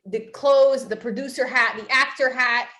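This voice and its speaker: High-voiced laughing woman host. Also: fairly even intonation, moderate pace, sharp tone, echoey room. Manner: laughs often, bubbly. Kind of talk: casual interview.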